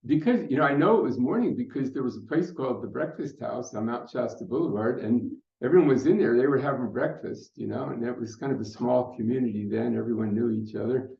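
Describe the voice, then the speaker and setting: An older man speaking at a conference, telling a personal story in an unhurried, reflective way with fillers. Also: medium pitch, creaky. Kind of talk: storytelling talk. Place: conference hall. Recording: muffled roomy hall recording.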